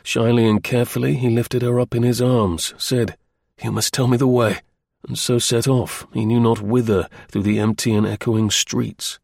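A man narrating an audiobook in a measured, unhurried reading. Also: mid-range voice, flat delivery, creaky, darkish tone, no echo, studio quality.

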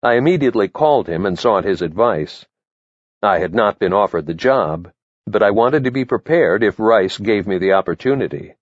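A man reads his memoir aloud in the first person with a measured, matter-of-fact delivery. His voice sits low. The recording is dry and slightly muffled. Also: animated, no echo. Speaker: memoir narrator.

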